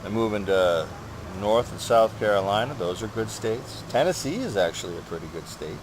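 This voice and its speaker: A man's voice: lowish voice, lively intonation, moderate pace, background noise. A man hosting a gaming channel, rambling through a personal update while he plays, swearing often and ranting with frustration.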